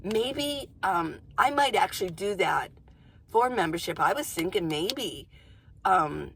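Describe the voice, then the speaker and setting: A woman vlogger talking casually to camera from inside her van, chatty and goofy, rambling fast and laughing often. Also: medium pitch, lively intonation, vocal fry, a bit bright. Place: inside a minivan.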